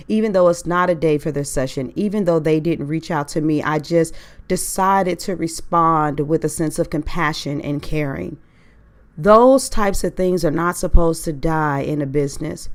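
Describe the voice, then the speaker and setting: A woman's voice: sits low, normal speed. A woman hosting a podcast, talking casually on her own and asking her listeners rhetorical questions. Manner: conversational, full of rhetorical questions. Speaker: podcast host. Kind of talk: casual solo podcast monologue.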